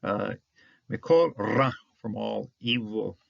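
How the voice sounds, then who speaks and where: A man teaching a Hebrew Bible reading word by word, halting often with fillers and restarts. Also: on the low side, gravelly, no room sound. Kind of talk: Bible language lesson. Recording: dry, dull lo-fi.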